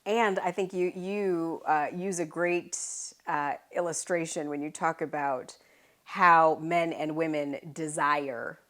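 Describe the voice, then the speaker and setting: Affirming woman co-host, lower voice. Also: steady tone, takes it slowly, a bit bright. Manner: supportive, frequent affirming interjections.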